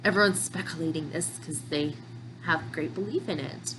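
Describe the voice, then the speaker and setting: A woman hosting a manga reaction video, reading panels aloud and thinking out loud between them. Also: deep voice, normal speed, noisy background. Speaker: manga reaction channel host.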